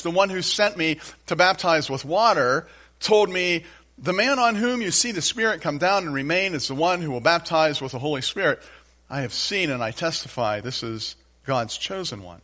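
Male pastor, sermon, folksy, animated storytelling, slightly high voice.

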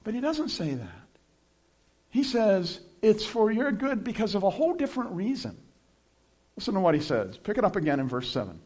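A male pastor preaching a sermon in a relaxed, conversational way, with chuckling asides between scripture readings. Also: sits high, normal speed.

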